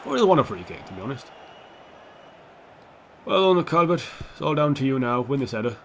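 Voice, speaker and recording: A young man giving casual, foul-mouthed commentary over his own football video game, switching between calm play-by-play and heated rants. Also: medium pitch, a little fast, vocal fry, a little hiss or hum. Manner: swears a lot, swings from calm play-by-play to heated outbursts. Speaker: gaming YouTuber.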